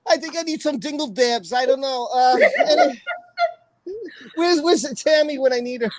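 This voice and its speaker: High-voiced giggly woman streamer. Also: very animated, moderate pace, darkish tone, slight background noise, low-quality recording. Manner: giggly, laughs often, exclaims a lot. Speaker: livestream host. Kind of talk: casual live-stream chat.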